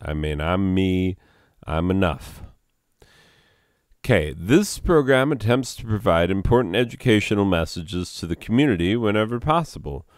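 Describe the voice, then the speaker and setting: A man hosting his own channel in a rambling comedic monologue, deadpan, self-mocking and wandering off topic. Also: low-pitched, normal speed, no room sound, clean studio sound. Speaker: channel host.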